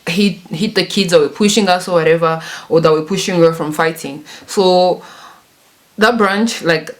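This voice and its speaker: A woman's voice: on the low side, normal speed. A woman in her twenties telling a casual story, chatty and self-mocking, laughing often. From Congo and South Africa. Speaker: YouTuber.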